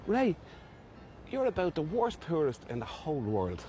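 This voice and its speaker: A dry, chiding companion. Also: male voice, on the high side, huge pitch swings, normal speed, dark tone, soft background music. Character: patient older male companion, dryly teasing. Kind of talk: film dialogue.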